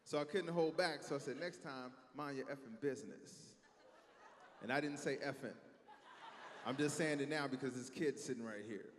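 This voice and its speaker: A man in his thirties doing a stand-up set on a stage, telling stories in a conversational, animated way. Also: mid-range voice, brisk, a little hiss or hum. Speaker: stand-up comedian. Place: stage in a large hall. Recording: echoey hall, faint ambience.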